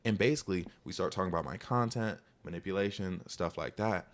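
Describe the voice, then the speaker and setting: A young man rambling through a casual storytime, full of "like" and "you know", jumping up in pitch on his asides. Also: fast. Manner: animated, pitch jumps up on asides.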